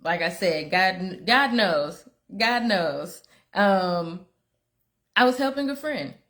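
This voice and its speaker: A woman's voice: fairly low pitch, lively intonation, slow, a bit bright. A woman in her thirties giving a candid personal testimony, chatty and self-deprecating, with frequent laughs and acted-out quotes of her own thoughts. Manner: rambling with fillers and quoted inner dialogue. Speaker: guest speaker telling her faith story.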